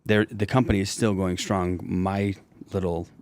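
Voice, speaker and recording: Laid-back man with a lowish voice. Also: fairly even intonation, normal speed, a little mellow, smooth, no echo. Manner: laid-back, says "dude" and "like" a lot. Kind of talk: casual podcast chat.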